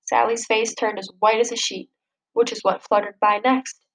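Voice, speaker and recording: A woman reading a children's picture book aloud in a lively, expressive way. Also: a little high, moderate pace, rough recording. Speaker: storybook reader. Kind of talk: children's story read-aloud.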